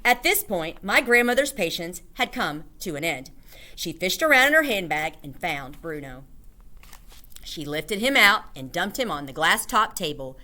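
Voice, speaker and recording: A woman reading a children's book aloud with expressive storytelling. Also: fairly low pitch, moderate pace. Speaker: storybook reader.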